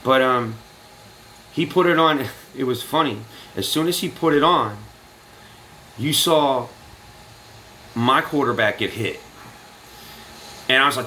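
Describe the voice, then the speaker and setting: A man's voice: mid-range voice, normal speed, pauses often, a little hiss or hum, low-quality recording. A man telling a story casually to his viewers, cursing freely and acting out what people said. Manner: animated, profane, acts out quotes. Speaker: vlogger.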